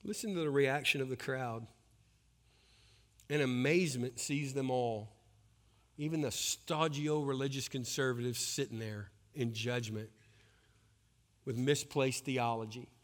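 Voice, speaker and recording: A man preaching a sermon, swinging between hushed, intense passages and loud, rising exhortation. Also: medium pitch, a little slow, long pauses. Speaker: pastor.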